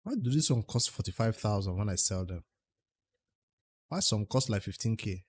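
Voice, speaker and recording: A man from Nigeria with a Nigerian accent and a fairly low voice, talking casually on a game livestream. He answers chat questions and thinks out loud about his grind in a chatty, easygoing way. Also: expressive, normal speed, breathy edge, no echo. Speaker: game streamer.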